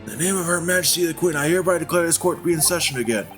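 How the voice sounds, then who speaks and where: A man's voice: on the high side, fairly bright tone, faint music behind, voice pushed up, lightly acted. A man voicing a formal male judge presiding over a trial. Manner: formal, brisk.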